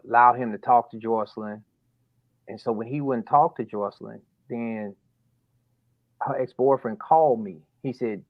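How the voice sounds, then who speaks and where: A man's voice: mid-range voice, no room sound, lo-fi sound. A man telling a personal story as a father, acting out the conversations and rising sharply in disbelief. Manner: animated retelling that acts out dialogue, voice rising sharply in disbelief. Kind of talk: emotional storytelling interview.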